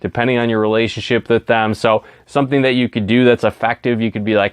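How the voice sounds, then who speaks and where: A man's voice: fairly low pitch, fairly even intonation, fast talker, few pauses, clear, resonant tone, no echo, clean studio sound. A man giving a casual sales training talk, often checking in with "right?" and acting out sample invitations. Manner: chatty, frequent "right?" tags, acts out sample invitations. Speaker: network marketing trainer.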